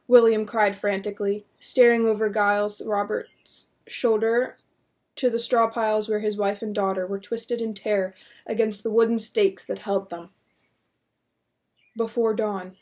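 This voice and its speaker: A woman reading a horror novel aloud in a steady, measured narration. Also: mid-range voice. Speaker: audiobook reader.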